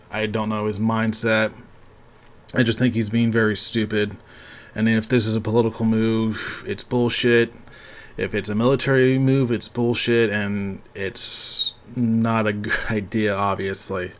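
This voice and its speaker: A man hosting a casual coffee podcast, giving his loose, unscripted opinions with dry sarcasm and frequent pauses. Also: lowish voice, clean tone. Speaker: podcast host.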